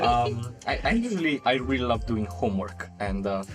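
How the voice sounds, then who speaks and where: Halting man chatting about his game character. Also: mid-range voice, animated, music in the background. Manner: halting, many restarts and laughs. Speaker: tabletop game player. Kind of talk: casual panel chat.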